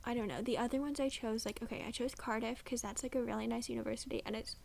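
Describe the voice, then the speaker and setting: A young woman in her late teens, from the United States, co-hosting a casual podcast chat. She rambles and often drops into quick whispered asides. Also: fairly high pitch, steady tone, creaky, a little mellow. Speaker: podcast co-host.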